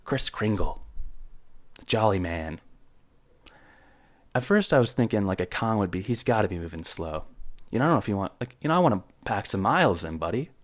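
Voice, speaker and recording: Lively, mock-outraged young man ranting. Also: fairly low pitch, dry recording. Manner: mock-outraged, joking, rambling asides. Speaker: podcast host. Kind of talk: solo comedic podcast rant. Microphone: close podcast mic.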